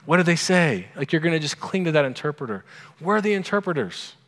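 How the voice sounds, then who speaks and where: A man's voice: on the high side, very animated, fast talker, fairly bright tone. A male pastor giving a conversational sermon, informal and asking the congregation questions. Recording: long hall reverb.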